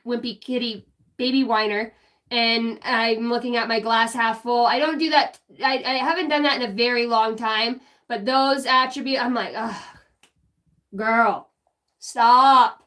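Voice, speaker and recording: A middle-aged woman chats on a live stream with a high, bright voice. She is goofy and self-mocking, laughs often and swears freely. She is offering spiritual readings in loose, rambling talk. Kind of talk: casual live-stream chat.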